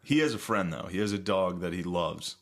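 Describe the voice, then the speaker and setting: Lower-pitched male podcast co-host, teasing and argumentative, casual profane banter. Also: expressive, fairly quick. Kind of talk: casual comedic chat.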